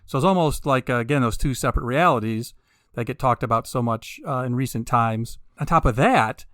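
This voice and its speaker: Wry, sarcastic podcast host, dry close mic. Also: male voice, mid-range voice, fairly bright tone, dry recording. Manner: wry and sarcastic, with laughing asides; builds to emphatic, drawn-out peaks. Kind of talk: casual monologue.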